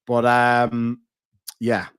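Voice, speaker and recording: A man's voice: medium pitch, completely flat delivery, drawn-out words, a bit bright, clean tone, no room sound, studio quality. An Irishman with a Cork accent, chatting casually on a livestream and reading out viewers' messages, swearing freely as he talks. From Ireland. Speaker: livestream host.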